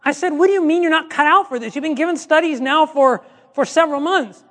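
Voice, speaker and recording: Pastor guy with a really high voice, chatty teaching talk, long echo like a church hall. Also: quick pace, pushed and bright. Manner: conversational, acts out quoted dialogue.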